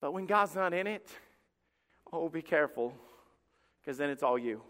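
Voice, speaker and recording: A man's voice: on the high side, lively intonation, moderate pace, fairly bright tone, long reverb tail. A pastor preaching a sermon in a church, emphatic and driving his points home through repetition. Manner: emphatic preaching, repeats key phrases. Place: church sanctuary.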